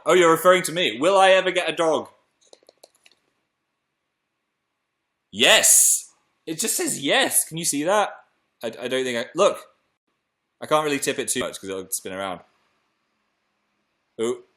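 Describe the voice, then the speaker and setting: Chirpy man with a slightly high voice. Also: expressive, normal speed, a bit bright. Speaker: livestream host. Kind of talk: casual chat.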